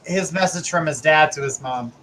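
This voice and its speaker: A caller on a live psychic show asks short, direct questions in a voice of middling pitch. A faint hiss sits under the line. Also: normal speed, a bit bright.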